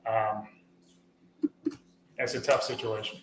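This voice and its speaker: A man's voice: on the low side, level tone, slow, roomy sound, noisy background. A middle-aged man, a podcast guest, talking earnestly in a rambling casual way with many fillers and restarts. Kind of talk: casual conversational interview.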